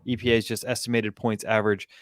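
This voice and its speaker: A man's voice: lowish voice, little pitch movement, fast talker, no room sound, studio quality. A man on a casual college football podcast, explaining stats with frequent ums and self-corrections.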